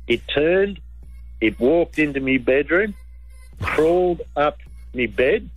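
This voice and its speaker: A man's voice: a little high, no echo, poor audio. A man calling in and telling a story in a casual, rambling way. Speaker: caller. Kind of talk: phone-in storytelling.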